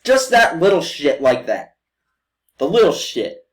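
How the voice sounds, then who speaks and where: A young man rants into a desk microphone at home, emotional and profane, now and then slipping into mocking impressions. His voice sits slightly high for a man. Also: sing-song, unhurried. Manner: emotional, swearing, mocking imitations. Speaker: reaction video host. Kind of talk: profane ranting commentary. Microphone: desk USB mic.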